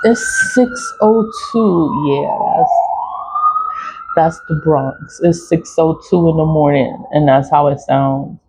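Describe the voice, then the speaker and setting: A woman's voice: low-pitched, little pitch movement, takes it slowly, noisy background. A woman around forty, telling her story in a blunt, profane, laughing casual monologue. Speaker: vlogger. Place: home in the city early morning. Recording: dull lo-fi recording.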